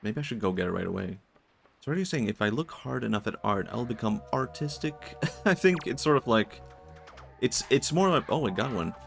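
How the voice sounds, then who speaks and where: A man with a Swedish accent chatting in a low-key, monotone way while streaming a game. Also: brisk, creaky, soft background music. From Sweden. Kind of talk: casual gaming commentary.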